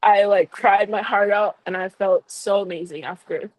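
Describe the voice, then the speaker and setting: A young woman who bakes and runs her own business tells an emotional, heartfelt personal story on a podcast, packed with "like" fillers. Her medium-pitched voice is fairly even and at normal speed, in a rough recording without echo.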